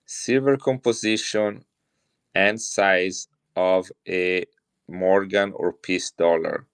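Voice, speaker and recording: A deep-voiced middle-aged man with an Italian accent talks casually on a live stream. He chats with viewers and shows off coins as he goes. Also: clear, resonant tone. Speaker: coin seller on a live stream.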